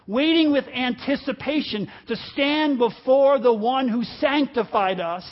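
A man in his fifties preaching a sermon to a church congregation, impassioned and swinging from hushed lines to shouting. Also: extremely high pitch, measured pace. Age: 50s. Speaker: pastor. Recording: dull lo-fi sermon recording.

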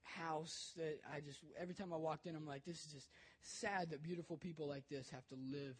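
A man's voice: fairly high pitch, steady tone, brisk, slightly rough. A young man, a youth pastor, telling an emotional personal story in a sermon, bold and conversational.

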